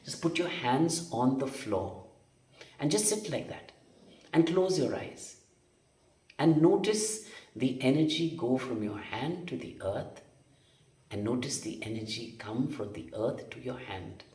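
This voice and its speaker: A man's voice: mid-range voice, lively intonation, unhurried, dark tone. A man teaching energy healing and meditation, emphatic and repetitive, often asking rhetorical questions. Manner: emphatic, repeats phrases, asks rhetorical questions. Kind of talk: spoken meditation lesson. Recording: roomy sound from a distance.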